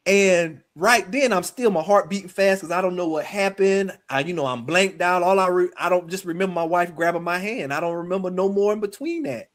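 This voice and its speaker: Brief: middle-aged man, high voice, animated guest storyteller who acts out other people's lines. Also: brisk, hardly any pauses. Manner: animated, slips into quoted voices. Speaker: guest, spiritual practitioner. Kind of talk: personal storytelling in conversation.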